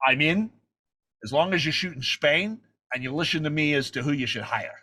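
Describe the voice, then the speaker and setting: A man doing an impression of a gruff, slow-spoken older male movie star, deep and measured. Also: expressive, bright, forceful tone. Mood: commanding. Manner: slow, deliberate, commanding.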